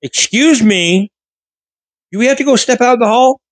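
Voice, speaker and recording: A man's voice: very high voice, normal speed, dry recording, voice pushed up. A man putting on the voice of a stern female schoolteacher who lectures indignantly. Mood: scolding.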